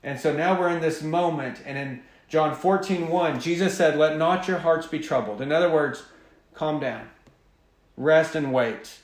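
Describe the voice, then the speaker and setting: A man delivers a sermon as a pastor, earnest and emphatic in his preaching. His voice sits a little high for a man. The room around him gives a noticeable echo. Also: moderate pace, hardly any pauses. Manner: earnest, emphatic preaching with a quiet prayer opening.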